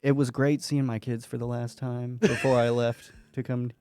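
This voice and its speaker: A man's voice: mid-range voice, level tone, moderate pace, warm tone, clear, resonant tone, dry recording, studio quality. A man hosting a casual podcast, telling stories with lots of swearing and laughter. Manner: profane, laughing storyteller. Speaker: podcast host; father and new stand-up comic.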